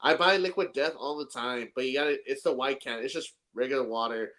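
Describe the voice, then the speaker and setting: A man's voice: mid-range voice, brisk, pushed and bright. A young man from San Antonio, Texas, co-hosting a podcast in a laid-back, casual chat, swearing often and laughing a lot. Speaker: podcast co-host.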